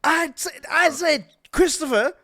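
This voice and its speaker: A man's voice: extremely high pitch, measured pace, pushed and bright, voice pushed up, full character voice. A man doing a pompous old British gent. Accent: put-on British.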